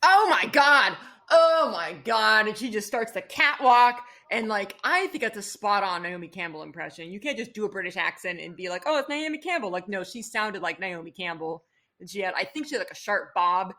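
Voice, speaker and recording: A woman's voice: medium pitch, a little fast, pushed and bright. Gushing, rambling woman on a podcast. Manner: gushing, rambling, restarts often. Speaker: podcast guest. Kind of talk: casual podcast chat.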